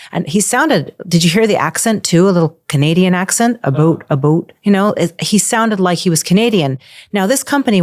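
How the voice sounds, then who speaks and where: A woman guest telling her story in casual conversation, animated and full of restarts. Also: deep voice, no echo, studio quality.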